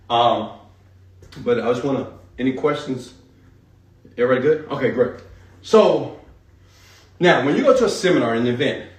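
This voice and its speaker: Animated hype-driven male seminar speaker. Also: mid-range voice, roomy sound, distant mic. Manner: animated, hype-driven, addresses audience directly. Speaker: speaker teaching an online marketing seminar. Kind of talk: live seminar talk.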